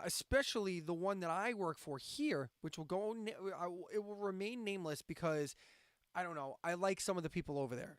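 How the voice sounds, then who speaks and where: Brief: male stream host from central Pennsylvania, high voice, dead-dry sound, rambling rants with swearing. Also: no echo. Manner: ranting, profane, sarcastic. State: insomniac, drinking coffee late at night. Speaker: live-stream host and radio DJ. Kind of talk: casual chat.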